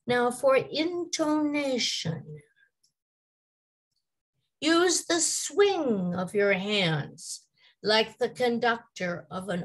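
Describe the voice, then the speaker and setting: A woman giving a scripted English teaching presentation, modeling word and sentence stress with deliberate emphasis. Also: medium pitch, breathy edge, low-quality recording.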